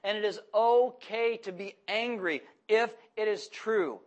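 Animated high-voiced man preaching. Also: unhurried, highs cut off. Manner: animated, acts out voices and asks the audience questions. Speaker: pastor. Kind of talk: sermon.

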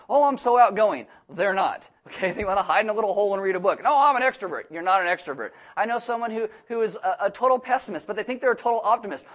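High-voiced young man preaching with humor. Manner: humorous, acts out quoted people in animated voices. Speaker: pastor. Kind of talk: sermon.

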